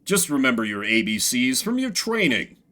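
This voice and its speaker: A man's voice: medium pitch, big pitch swings, moderate pace, bright, forceful tone. A man voicing a smug, cold male stoat prison captain who speaks in a dry, menacing drawl.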